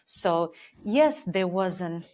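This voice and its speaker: A woman's voice: fairly low pitch, lively intonation, slow pace, a little mellow. A woman working as a Pilates instructor, explaining her coaching approach in a thoughtful, step-by-step conversational way.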